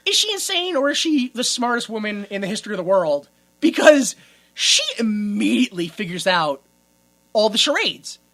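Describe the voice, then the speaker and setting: A woman's voice: medium pitch, very animated, normal speed, fairly bright tone. A woman co-hosting a casual movie-riffing podcast, talking with exaggerated indignation, swearing and laughing often. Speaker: podcast co-host.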